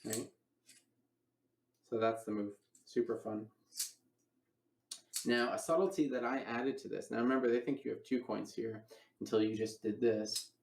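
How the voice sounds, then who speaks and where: A man's voice: mid-range voice, steady tone, moderate pace, vocal fry, pauses often, a little mellow, roomy sound, rough recording. A man teaching a coin magic routine in a casual online lecture, explaining each step and acting out his patter. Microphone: online voice call.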